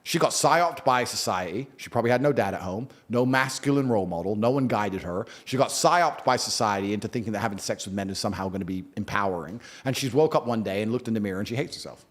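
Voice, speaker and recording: A man's voice: lowish voice, quick pace, hardly any pauses. A man, a podcast guest, talking bluntly and emphatically in a lecturing way. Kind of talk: opinionated podcast talk.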